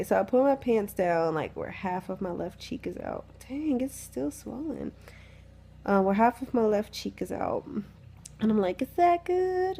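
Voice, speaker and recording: Sick young woman with a gravelly voice. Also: medium pitch, darkish tone. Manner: chatty and candid, swears freely, laughs often. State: sick with the flu, lying down. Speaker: vlogger telling a story. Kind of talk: casual storytime chat. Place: lying in a bed at home. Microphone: phone.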